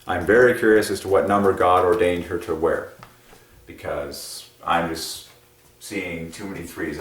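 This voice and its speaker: A man rambling through a casual monologue as a religious numerology video host, excitable, with many fillers and sudden jumps in pitch. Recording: very echoey room, far from mic.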